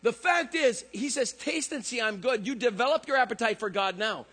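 A man preaching a lively, joking sermon who acts out voices in his stories. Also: very high voice, normal speed, husky. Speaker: pastor. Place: church service.

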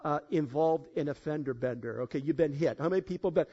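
High-voiced preacher, loud then hushed. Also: male voice, fast talker, slightly rough. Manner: emphatic, swings between loud declarations and low asides; addresses congregation directly, asks for show of hands. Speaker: pastor. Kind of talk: sermon. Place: church in front of a congregation. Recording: dull, lo-fi sound.

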